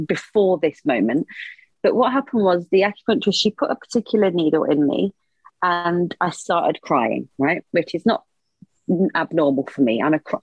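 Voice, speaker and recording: A woman's voice: fairly low pitch, husky, dry recording, dull audio. A woman, a mother, telling a personal story as a podcast guest, earnest and open with a light laugh at times. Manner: earnest, open and emotional, laughs a little through hard memories.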